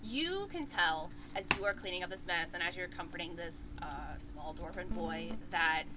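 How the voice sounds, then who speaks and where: A woman narrating as game master of a tabletop game, chatty and animated, with filler words. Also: on the low side, normal speed, heavy background noise.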